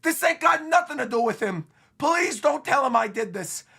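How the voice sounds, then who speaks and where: A man voicing a brash male pirate captain who speaks roughly and with remorse, reading comic panels aloud. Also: very high voice, animated, normal speed, sharp tone, voice pushed up, heavily acted. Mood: resigned.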